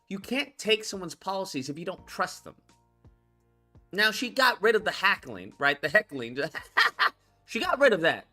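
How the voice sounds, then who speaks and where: A man hosting his own call-in stream, talking politics in a blunt, exasperated rant full of swearing. His voice is bright and forward, and his pitch leaps all over the place as he goes. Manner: profane, blunt, exasperated ranting. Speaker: host of a call-in commentary stream. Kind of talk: casual political commentary.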